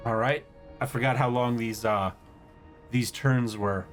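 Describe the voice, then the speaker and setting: A man's voice: medium pitch, steady tone, unhurried, faint music behind. A man hosting a casual let's-play, thinking aloud as he plays and often stumbling over words. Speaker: gaming channel host.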